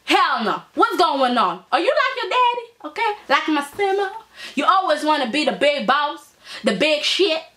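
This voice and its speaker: A woman puts on an aging patriarch scolding his family in a blunt, cursing rant, high and bright in tone. He sounds furious and wounded at once. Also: very animated, normal speed, heavily acted. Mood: scornful.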